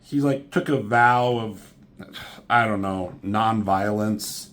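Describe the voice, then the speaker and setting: A man casually reviewing a comic book, sarcastic and profane, mocking the characters with quick impressions. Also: on the low side, fairly bright tone.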